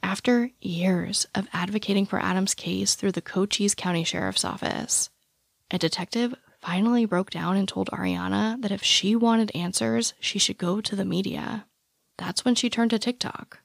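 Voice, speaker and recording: Podcast host, woman; gravelly, hushed scripted narration, dry close sound. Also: medium pitch, fairly even intonation, moderate pace, no room sound. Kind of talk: scripted true-crime narration.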